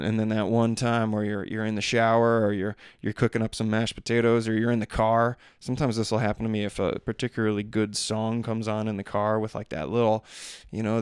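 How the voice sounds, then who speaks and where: Male podcast host, thirties, low and smooth, chatty and meandering, dry close recording. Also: no room sound. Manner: rambling, filler-heavy, restarts sentences often. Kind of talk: casual personal storytelling.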